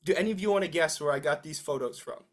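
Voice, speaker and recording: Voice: mid-range voice, fast talker. A teacher running an interactive online class, joking and asking the students questions. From United States. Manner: lively, teasing, asks the class questions. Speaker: English teacher.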